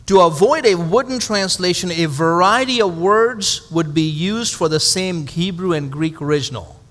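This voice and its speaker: A man's voice: sits high, expressive, normal speed, a bit bright, long reverb tail. A male pastor teaching a Bible study to a live audience in a conversational way, asking rhetorical questions and adding dry humorous asides.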